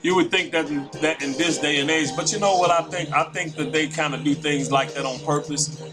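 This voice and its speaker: A man's voice: a little high, fairly even intonation, brisk, rough recording. A man hosting a casual live call-in show, chatty and repetitive as he reads out the phone number. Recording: music playing behind.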